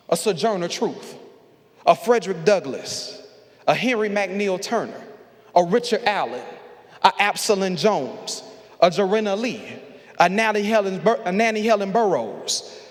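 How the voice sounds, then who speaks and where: A man preaching a sermon in a large church sanctuary, speaking in a rhythmic, repeating style and calling on the congregation to answer him. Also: high-pitched. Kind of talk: call-and-response sermon. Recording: long hall reverb from the sanctuary.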